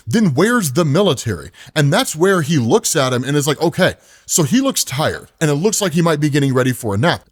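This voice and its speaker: A man on the higher side of the male range retells a comic book story in a casual, chatty way. His voice jumps around a lot in pitch as he tells it. He laughs often and drops quick asides between the events. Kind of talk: casual comic recap narration.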